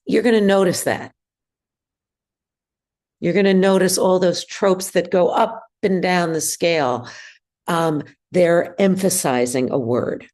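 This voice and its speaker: A woman teaching a synagogue class, speaking hesitantly with many ums and pauses. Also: on the low side, darkish tone. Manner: hesitant, many ums, sings trope examples. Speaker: bar mitzvah trope teacher. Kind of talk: classroom lesson.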